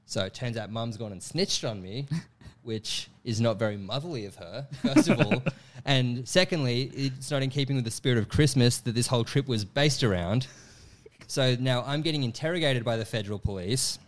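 A young man telling a funny personal story in a casual chat, laughing often and acting out what people said. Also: mid-range voice. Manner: animated, laughs often, acts out voices in quotes. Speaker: comedian guest telling a story.

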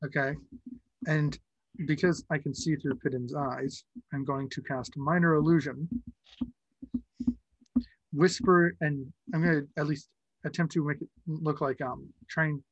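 A man's voice: on the high side, steady tone, moderate pace, long pauses, husky, dry recording, lo-fi sound. A man playing a tabletop game, talking hesitantly and restarting often. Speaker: player. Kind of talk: casual tabletop game play.

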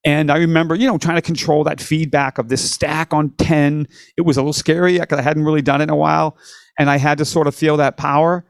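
A man's voice: a little high, level tone, fast talker, gravelly, dry recording. Guy musician rambling thru old stories, lots of you know, dry close sound. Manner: loose, rambling, uses "you know" and "like" often. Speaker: guest musician. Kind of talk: casual storytelling interview.

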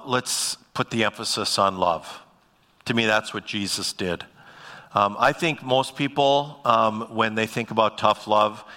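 A man's voice: mid-range voice, pushed and bright. Man preaching in a reverberant church. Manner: conversational, frequent ums and restarts. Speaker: pastor. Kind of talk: sermon. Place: church sanctuary.

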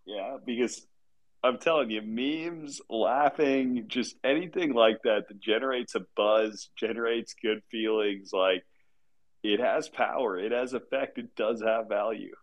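A man's voice: medium pitch, a little slow, muffled recording. A man hosting a casual online group chat, rambling and laughing often as he tells stories. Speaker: host of a live audio chat room.

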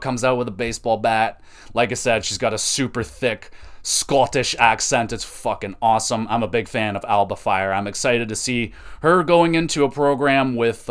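A young man hosting a podcast, reviewing wrestling matches in casual, excitable chat and swearing freely. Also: medium pitch, smooth. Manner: excitable, profane, enthusiastic.

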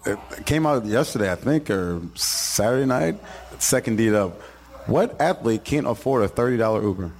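A man with a somewhat low voice, chatting on a loose podcast recorded at a bar. He makes blunt, wry remarks and explains things plainly. His delivery stays easygoing. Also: animated, moderate pace, a little mellow. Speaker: podcast co-host. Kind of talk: casual bar podcast chat.

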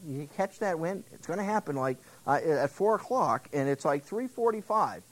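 A male pastor working through scripture in a chatty, animated way, with plenty of asides to his listeners. His pitch swings widely as he talks. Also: moderate pace, rough recording. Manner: conversational, animated, asides to the congregation. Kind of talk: expository sermon.

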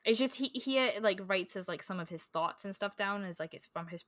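Bright-voiced woman in rambling chat. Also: mid-range voice, fairly quick, dry recording. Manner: rambling, filler-heavy, animated storytelling. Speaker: podcast co-host. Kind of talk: casual book-club chat.

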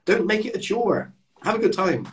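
Lively British man hosting a podcast. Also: sits high, normal speed, background noise. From United Kingdom. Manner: animated, swears, mocks posh speech. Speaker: podcast host. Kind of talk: casual chat.

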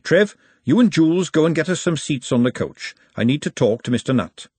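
A man's voice: animated, a little fast, darkish tone, husky, no room sound. A man doing a blunt, outspoken young woman. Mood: urgent. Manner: emphatic and outspoken, with a raised pitch.

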